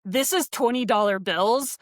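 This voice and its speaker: A woman's voice: a little high, unhurried, dry recording, studio quality. A young woman co-hosting a coaching podcast, talking casually and playfully with lots of fillers. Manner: chatty, many "like" fillers, playful. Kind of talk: casual chat.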